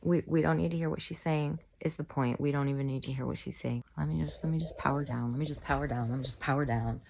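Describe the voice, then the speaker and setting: A woman's voice: a bass voice, fairly even intonation, fast talker, gravelly, darkish tone, a little hiss or hum. A woman vlogger delivering a heated, angry commentary, shaking and fired up as she rants. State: shaking with anger. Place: home room, bad lighting.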